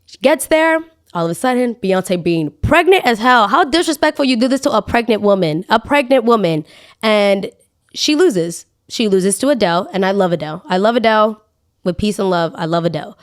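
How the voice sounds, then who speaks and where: A young woman hosting a podcast, talking casually in an animated, dramatic and exasperated way. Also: medium pitch, fairly quick. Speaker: podcast host. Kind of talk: casual opinion monologue.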